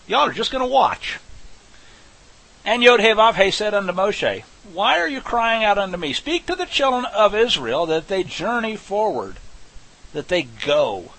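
A man teaching scripture verse by verse, animated and conversational with folksy asides. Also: sits high, normal speed, poor audio. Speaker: Bible teacher.

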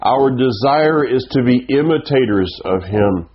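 A man's voice: medium pitch, animated, a little slow. A man with a Southern US accent preaching a sermon, teaching earnestly and often restarting his sentences. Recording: dull lo-fi sound.

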